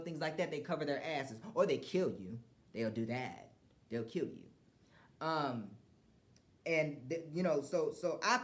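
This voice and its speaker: A podcast host venting in a casual, rambling rant full of restarts and profanity. The voice drops to low mutters and then flares into loud, heated outbursts.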